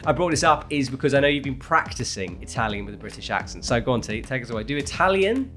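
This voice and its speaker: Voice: mid-range voice, lively intonation, fast talker, fairly bright tone, soft background music. A playful co-host of a climbing news show, stuffy with a cold, bantering casually in the studio.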